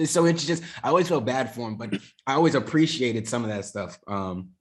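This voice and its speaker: A man's voice: medium pitch, animated, brisk. A man co-hosting a podcast, chatting casually and enthusiastically about a film, rambling with many fillers. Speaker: podcast co-host. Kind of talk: casual chat about a movie.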